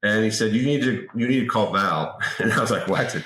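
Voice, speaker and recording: Low-voiced man in his forties, roomy echo. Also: a little fast. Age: 40s. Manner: lively anecdotal telling with frequent word repeats. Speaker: podcast guest. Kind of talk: casual interview storytelling.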